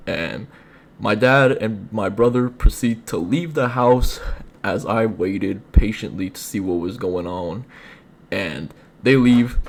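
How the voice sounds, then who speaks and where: A man's voice: on the low side, gravelly, slight background noise. A young man telling a personal story in casual, rambling speech full of fillers. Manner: rambling, many fillers like "you know". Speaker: streamer.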